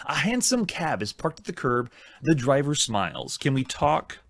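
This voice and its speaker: A man's voice: mid-range voice, huge pitch swings, moderate pace, creaky, a bit bright. A man hosting a retro game let's-play, chatty and self-mocking as he thinks aloud while typing commands. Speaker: host.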